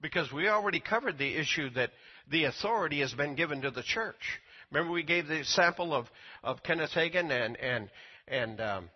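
Older preacher man, husky and folksy. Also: brisk, highs cut off. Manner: folksy, repeats words, rises to high excited quotes. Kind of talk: sermon with personal testimony.

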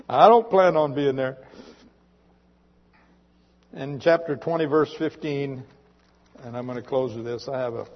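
A man's voice: medium pitch, slow pace, pauses often. A male preacher giving a sermon in a church, earnestly reading a dramatic poem to his congregation. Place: church sanctuary. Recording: muffled recording with long reverb.

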